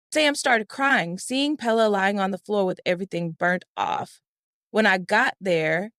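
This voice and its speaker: Woman, first-person storyteller, emotional dramatic delivery, mid pitch, dry close sound. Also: no echo. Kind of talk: first-person scripted narration.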